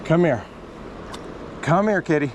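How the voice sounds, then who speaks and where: A man fishing on a river, giving excited commentary to the camera and exclaiming over and over. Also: a little high, measured pace, background noise. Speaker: fishing vlogger. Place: outdoors by a river.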